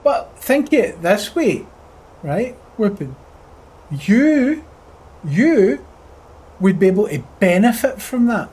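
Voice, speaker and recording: A man's voice: high-pitched, very animated, slow pace, pauses often, a little mellow, husky. A Scottish man chatting casually on a flight sim live stream, full of crude, profane joking banter with his chat. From Scotland.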